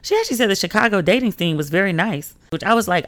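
A woman's voice: lively intonation, fast, hardly any pauses, a bit bright, dry recording. Chatty woman host, dry close sound. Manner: chatty storytelling, heavy use of "like", swings pitch when quoting people. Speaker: podcast host. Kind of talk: casual solo chat.

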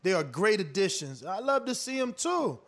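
A man's voice: high-pitched, very animated, normal speed, a bit bright. A man hosting a boxing livestream, talking loosely and emphatically, swearing often and rambling. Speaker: boxing podcast host. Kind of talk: casual livestream chat.

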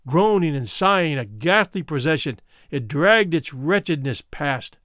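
Expressive male audiobook narrator, dry sound. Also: a little high, a little slow, no echo. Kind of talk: scripted story narration.

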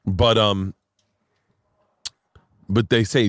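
Low voiced dude hosting a podcast, rambly and sweary, dry close mic. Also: male voice, little pitch movement, slow pace, dry recording. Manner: rambling, swears freely, oversharing. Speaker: podcast host. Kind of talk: casual chat. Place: outdoors.

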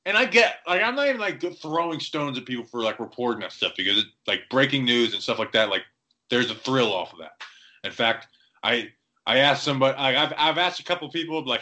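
A man's voice: mid-range voice, expressive, brisk, pushed and bright. A man co-hosting a podcast in casual sports chat, rambling with lots of "like" and restarts. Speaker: podcast co-host.

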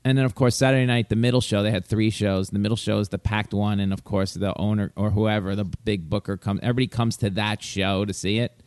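A man, a podcast co-host and comedian telling a story in fast, animated casual chat. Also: lowish voice, smooth, no room sound.

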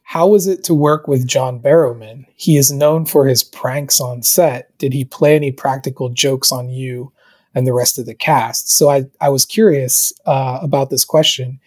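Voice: medium pitch, fairly even intonation, normal speed, a little mellow, breathy edge. A co-host in casual chat, reading out listener questions and hesitating with fillers.

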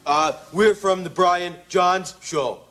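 An actor playing a dim-witted Canadian hoser brother who hosts a TV show, talking haltingly with lots of "like" and "eh". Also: male voice, high-pitched, noisy background. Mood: eager. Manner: halting, sprinkles "like" and "eh". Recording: archive TV clip with loud audience.

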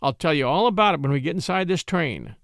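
A man voicing a cool, cunning young attorney in a story reading, smooth and commanding. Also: fairly high pitch, animated, quick pace, fairly bright tone, dry recording, studio quality. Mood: reassuring. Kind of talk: audiobook character voice.

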